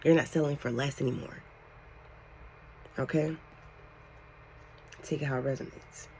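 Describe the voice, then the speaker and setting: A woman giving a channeled tarot reading to her viewers, excitable and animated, talking casually with lots of slang and "like". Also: low voice, unhurried, slight background noise. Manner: excitable, animated, fills talk with "like". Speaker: tarot reader.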